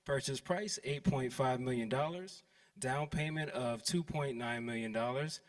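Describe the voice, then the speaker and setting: Male seminar attendee reading an offer letter, steady delivery, distant mic. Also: mid-range voice, a little slow. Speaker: seminar participant pitching an offer. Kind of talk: reading a letter of intent aloud. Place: event stage before an audience.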